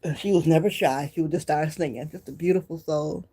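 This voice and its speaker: Low mellow-voiced woman vlogger from Detroit. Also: fairly quick, hardly any pauses, breathy edge. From Detroit, Michigan. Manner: reminiscing, talks straight to viewers. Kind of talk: casual chat to viewers.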